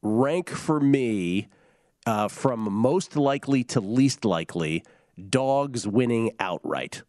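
A man's voice: mid-range voice, animated, takes it slowly, a little mellow, no room sound, clean studio sound. A man hosting a sports betting show, upbeat and steering the segment. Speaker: host.

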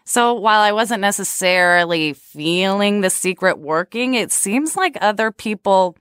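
A woman co-hosting a chat show, talking in a chatty, expressive way. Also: mid-range voice, a little slow, clean tone, dry recording. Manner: chatty and expressive, lots of fillers. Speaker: podcast co-host. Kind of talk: casual chat.

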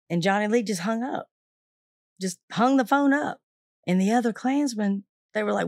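A woman teacher retelling a true story to listeners, lively and acting out the quoted voices. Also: mid-range voice, moderate pace, no echo, studio quality.

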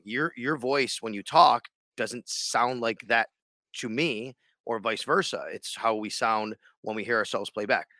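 A man's voice: medium pitch, measured pace, pushed and bright, no room sound, clean studio sound. A man co-hosting a sports podcast in casual chat, rambling and restarting his sentences. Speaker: radio sports show co-host.

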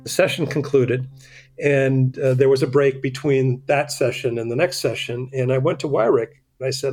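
A man's voice: mid-range voice, fairly quick, a little mellow. A man in a recorded interview, reflectively recounting a personal memory. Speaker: interviewed scholar.

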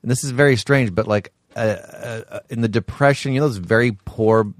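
A man's voice: mid-range voice, fairly quick, dry recording, clean studio sound. A man co-hosting a casual chat, hesitant and searching for words. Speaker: podcast co-host.

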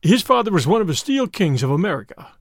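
A man's voice: high voice, big pitch swings, quick pace, no room sound, studio quality, full character voice. A man reading aloud, voicing a polite, deferential male secretary. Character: deferential male secretary who knows everything.

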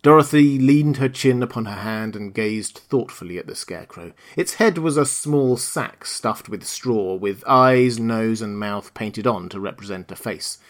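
A man narrating a classic children's tale in a calm, measured reading. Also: fairly low pitch. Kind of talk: storybook narration.

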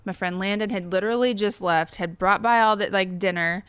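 A woman's voice: medium pitch, fairly quick, fairly bright tone, smooth, dry recording. A woman in her thirties telling a personal story in a casual interview, earnest and full of fillers. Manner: chatty, many "like" fillers, earnest. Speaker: songwriter guest.

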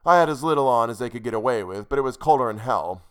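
A male narrator does a coarse, tipsy aging actress in a storybook reading. She talks loose and slurring, crude and blunt. The voice sits at a middling pitch. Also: animated, fast talker, smooth, lightly acted. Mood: boozy, blunt. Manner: coarse, slurring drunk chatter. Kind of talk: audiobook character voice.

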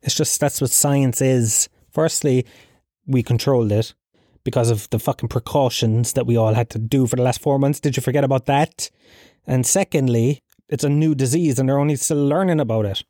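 An Irish man rants through a solo podcast, cursing freely and laughing at his own lines. His voice sits mid-pitch with a warm, mellow tone. The sound is dry and close. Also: normal speed, dry recording. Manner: profane, ranting, laughs at own jokes. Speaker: podcast host.

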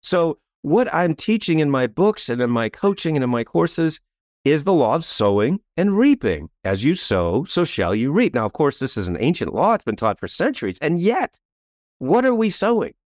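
On the high side and at a moderate pace, this coach and author tells his story to an interviewer. There's no room sound and the quality is studio-grade, and his delivery is lively, with acted-out quotes and a frequent "right?".

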